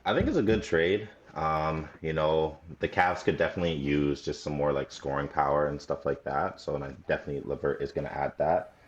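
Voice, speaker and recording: Deep-voiced laid-back podcast co-host. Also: male voice, fairly even intonation, fairly quick, few pauses, lo-fi sound. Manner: laid-back, laughs easily. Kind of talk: casual sports chat.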